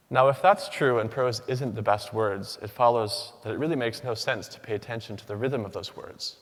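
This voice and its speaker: Here a PhD candidate in his young adult years delivers a prepared academic talk to an audience, at a medium pitch. His pacing is measured and rhythmic, with pauses separating listed words. Sound from the large lecture hall comes through as a long, spacious reverb.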